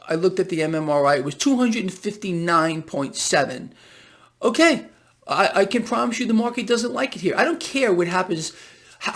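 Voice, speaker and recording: A man with a runny nose giving emphatic, repetitive market commentary to his viewers in a casual vlog. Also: a little high. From United States. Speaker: financial video blogger.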